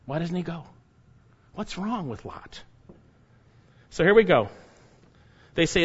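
A man preaching a sermon, emphatic, swinging between loud urging and low hushed warnings. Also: big pitch swings, measured pace, long pauses, husky, highs cut off. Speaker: pastor.

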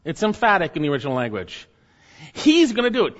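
A man's voice: sits high, huge pitch swings, quick pace, long reverb tail, lo-fi sound. A man preaching a sermon emphatically, swelling up and then dropping to near murmurs. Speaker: pastor.

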